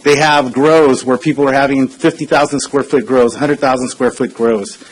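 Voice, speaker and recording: A man in his forties speaks at a council podium in an average-pitched voice. He talks in an earnest, conversational way, pausing on fillers as he tells a personal story. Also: fairly even intonation, low-quality recording. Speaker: consultant speaking at public comment. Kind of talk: public comment speech, personal storytelling.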